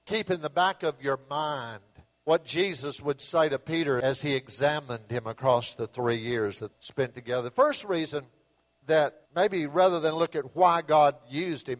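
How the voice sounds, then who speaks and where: A man delivers a sermon as pastor, retelling scripture in an animated storytelling manner. His voice sits high for a man. The sound carries a long hall reverb. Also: normal speed. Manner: storytelling, acts out Bible scenes with rising and falling intensity.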